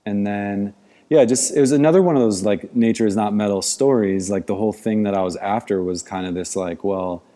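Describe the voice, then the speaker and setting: A man's voice: lowish voice, fairly quick, mellow. A man, a podcast guest, telling a story in casual conversation, rambling with many "like" fillers. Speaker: podcast guest, outdoor educator.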